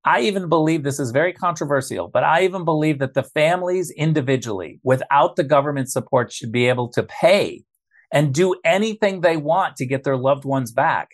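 A man speaking as a guest on a political talk show, forceful and emphatic, stressing his points by repeating them. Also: a little high, a little fast.

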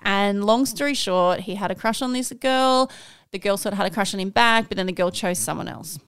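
A young woman co-hosting a podcast, telling stories in a lively way, acting out what people said and swearing now and then. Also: mid-range voice, fairly quick, smooth, no echo. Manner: animated storyteller, acts out quotes, swears. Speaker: podcast co-host. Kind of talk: casual chat.

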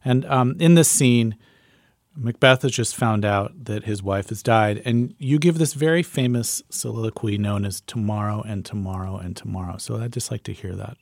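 A man's voice: on the low side, moderate pace, gravelly, no room sound. A male radio producer interviewing a guest in a conversational, tentative way. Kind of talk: interview questions.

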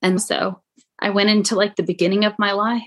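A young adult woman, a podcast guest, telling her own painful story in a halting way, with many "like" fillers. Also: medium pitch, flat delivery. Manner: halting, frequent "like" fillers, quotes others in raised voice. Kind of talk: emotional personal storytelling.

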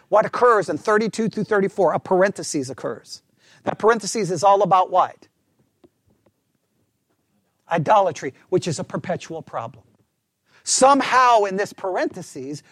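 A man preaching a sermon, asking the congregation questions and swinging between fervent emphasis and hushed asides. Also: sits high, no room sound. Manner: animated preaching, rhetorical questions, drops to a hush for asides. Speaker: pastor.

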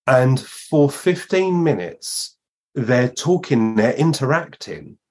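A guest medium tells long anecdotes in conversation, acting out the lines of the people he quotes. His medium-pitched voice is animated yet unhurried, with a slightly mellow tone.

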